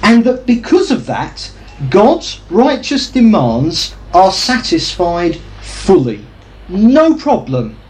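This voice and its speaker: A man's voice: high voice, wildly swooping pitch, slow pace, a little mellow, soft background music, low-quality recording. A man preaching a sermon, teaching carefully and asking his listeners questions as he goes. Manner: teaching, asks the audience questions.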